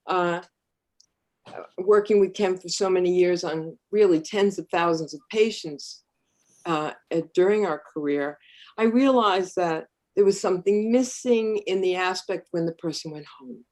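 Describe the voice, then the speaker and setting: A woman's voice: fairly low pitch, measured pace, a little mellow. Reflective middle-aged woman coach. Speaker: healing practitioner and life coach guest. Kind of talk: casual podcast conversation.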